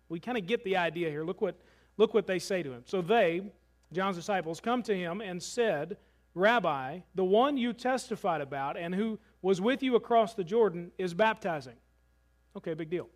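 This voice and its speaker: A man preaching a sermon as pastor, earnest, slowing and softening for emphasis. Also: high voice.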